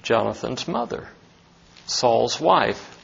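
A man's voice: mid-range voice, sing-song, slow, creaky, dull audio. A man preaching an expository sermon as a pastor, talking emphatically and asking many rhetorical questions.

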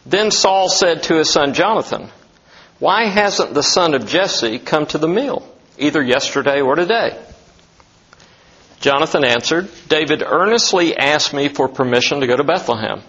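A man's voice: a little high, lively intonation, normal speed, fairly bright tone, lo-fi sound. A man preaching an expository sermon as a pastor, talking emphatically and asking many rhetorical questions.

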